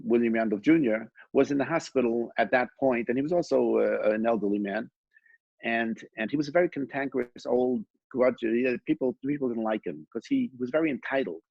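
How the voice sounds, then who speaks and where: A man's voice: mid-range voice, vocal fry, a little mellow, husky, no room sound, lo-fi sound. A man giving an informal Torah class, telling stories in a conversational way with frequent restarts and quoted dialogue. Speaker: Torah teacher.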